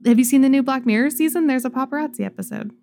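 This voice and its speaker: A woman's voice: high-pitched, racing, gravelly, dark tone. A woman in her thirties co-hosting a casual podcast, talking frankly and animatedly with some swearing. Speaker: podcast co-host. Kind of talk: casual chat.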